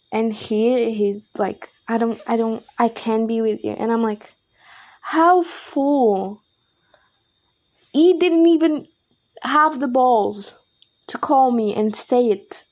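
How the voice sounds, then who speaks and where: A woman's voice: a little high, a little mellow. A young woman hosting a podcast, telling a personal breakup story in a candid, exasperated way and swearing freely. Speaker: podcast host.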